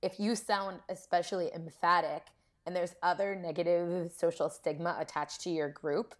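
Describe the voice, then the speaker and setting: A woman's voice: lowish voice, steady tone, moderate pace. A woman, a linguist, explaining her research findings in a casual academic conversation. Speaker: linguist guest.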